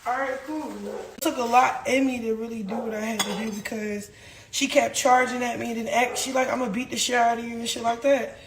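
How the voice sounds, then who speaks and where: A young woman with a high voice tears through a heated, swear-filled story. She acts out what others said as she goes, recorded in an echoey room with a faint hiss behind her. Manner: profane, rapid, animated, acts out quotes. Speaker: reality star telling her side.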